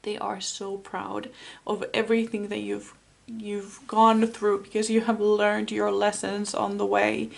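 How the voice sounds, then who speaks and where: A woman giving a pick-a-card tarot reading, talking softly and encouragingly with frequent pauses and fillers. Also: mid-range voice, completely flat delivery, gravelly. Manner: soft, unhurried and encouraging, with many fillers.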